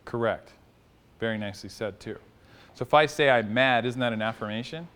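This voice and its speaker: A man teaching a small group in a relaxed, conversational way, asking them questions and joking now and then. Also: medium pitch, a little fast, clear, resonant tone. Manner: conversational, quizzes the audience, jokes lightly. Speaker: workshop teacher.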